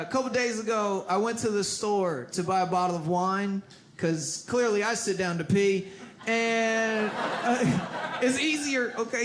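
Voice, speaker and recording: A young man performing stand-up comedy in a club, telling an animated story and acting out characters. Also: sits high. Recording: live club with loud crowd laughter and noise.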